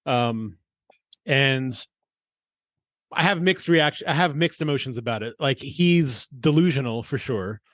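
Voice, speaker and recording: A man hosting a podcast who chats casually and pokes fun at himself. His voice sits in an ordinary pitch. The sound is close and dry. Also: a little slow, a bit bright, dry recording. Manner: easygoing, self-deprecating. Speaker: podcast host.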